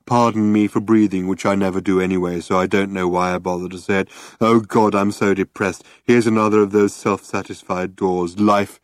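A man reading the part of a gloomy, depressed male robot in a weary droning monotone, in an audiobook. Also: low voice, moderate pace, hardly any pauses, dry recording, clean studio sound, close to an everyday voice. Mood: self-pitying.

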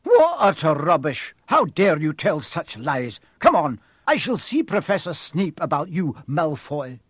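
A stern female professor barks out a scolding, as a male storybook reader plays her. The voice is pitched well above his own and snaps each word, recorded dry. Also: big pitch swings, a little slow, slightly rough, no room sound, full character voice. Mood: furious, stern.

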